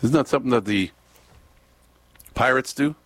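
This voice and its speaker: A man's voice: medium pitch, moderate pace, a bit bright, no echo. A man co-hosting a talk show, reading out news items and joking around in casual chat. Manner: rambling, joking, reading news stories aloud. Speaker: radio co-host.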